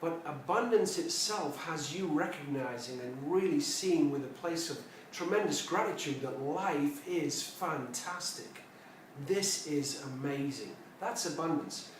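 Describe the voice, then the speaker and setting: Male motivational speaker, fairly high voice, storytelling talk, booming echo, set back from the mic. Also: expressive, a little slow, distant mic, a little hiss or hum. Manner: storytelling, emphatic repetitions. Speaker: personal development speaker. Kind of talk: reflective spoken talk to camera.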